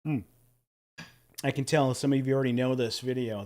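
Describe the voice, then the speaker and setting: A man's voice: mid-range voice, steady tone, moderate pace, darkish tone. A man hosting a casual livestream, chatting enthusiastically and thanking viewers for tips. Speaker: livestream host.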